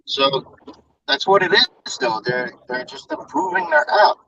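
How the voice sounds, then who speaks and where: Man, internet call cutting out, distant, muffled, gravelly, wildly swinging pitch. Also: wildly swooping pitch, unhurried, noisy background. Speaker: guest on a live stream. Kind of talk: casual debate.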